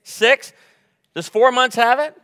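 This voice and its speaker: High bright-voiced joking preacher man. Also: slow pace, big-room sound. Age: 40s. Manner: joking, playful crowd banter. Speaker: guest preacher. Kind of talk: humorous sermon. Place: church sanctuary before a congregation.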